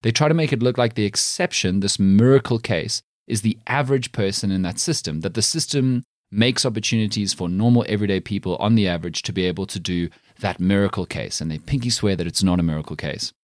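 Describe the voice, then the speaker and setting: A man's voice: lowish voice, fast, few pauses, no echo, clean studio sound. A man with a South African accent hosting a comedic news commentary show, talking in an emphatic, indignant way. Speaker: host.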